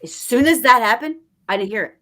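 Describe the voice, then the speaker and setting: A woman's voice: fairly high pitch, brisk. A woman hosting a podcast, telling stories in casual chat and quoting people along the way. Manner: chatty storyteller, animated quoting of others. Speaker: podcast host.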